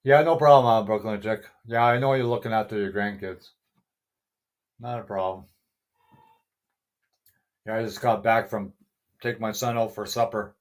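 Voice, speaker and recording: A man's voice: fairly low pitch, fairly even intonation, normal speed, long pauses. Chuckling man hosting a casual livestream. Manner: chuckling, greets viewers by name, mild swearing. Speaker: livestream host. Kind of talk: casual live chat.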